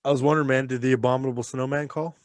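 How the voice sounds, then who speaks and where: A man's voice: mid-range voice, fairly even intonation, racing, dry recording. A man co-hosting a casual chat. He talks animatedly, swears freely and laughs often. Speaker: podcast co-host and father.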